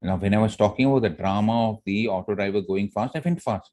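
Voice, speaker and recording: A man's voice: lowish voice, fast talker, warm tone. A man teaching public speaking who asks the class frequent questions. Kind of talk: classroom lesson on voice modulation.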